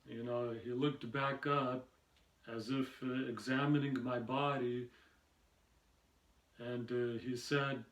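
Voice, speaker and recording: A man doing amateur stand-up, telling meandering personal stories in a halting way, with many pauses and fillers. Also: mid-range voice, little pitch movement, fairly bright tone, roomy sound. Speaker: amateur stand-up comedian and podcast host. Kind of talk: rambling stand-up storytelling.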